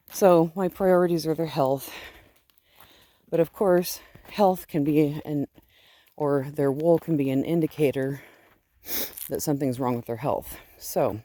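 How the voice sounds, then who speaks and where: Walking around her farm outdoors, a fiber farmer who keeps sheep vlogs in a rumbling low, mellow voice. She talks casually and fondly, wandering off a little and using fillers.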